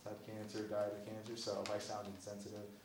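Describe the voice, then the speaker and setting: A man's voice: on the low side, completely flat delivery, quick pace. A man doing a stand-up comedy set, rambling and self-deprecating, swearing often, heard with audience laughter. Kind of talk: open-mic stand-up set. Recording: echoey room from far off, faint noise.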